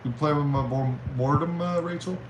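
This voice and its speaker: A man streaming live, chatting casually and reading viewer messages aloud with halting restarts. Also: a little high. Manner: rambling, reads chat aloud, halting restarts. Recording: roomy with faint noise.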